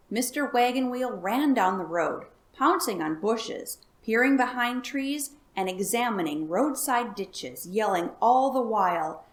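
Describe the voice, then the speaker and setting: A woman reading a children's chapter book aloud in a calm, even way. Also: medium pitch, measured pace, few pauses. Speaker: storyteller.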